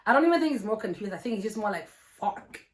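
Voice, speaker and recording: A young woman vlogger telling a personal story in an animated, profane, laughing way. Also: mid-range voice, very fast. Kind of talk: storytime vlog.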